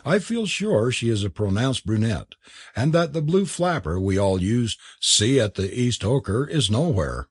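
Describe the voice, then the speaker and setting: A man's voice: medium pitch, unhurried, breathy edge, no room sound, clean studio sound. A man reading an audiobook, voicing an impulsive young male college student smitten with a girl he has never met. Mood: tipsy speechmaking. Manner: impulsive and excitable.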